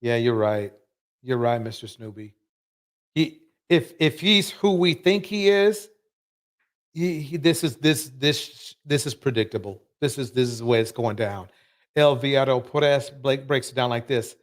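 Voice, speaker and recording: A man's voice: mid-range voice, expressive, unhurried. A man hosting a live show, commenting emphatically and ranting about what he has just watched. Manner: emphatic, ranting, repeats himself.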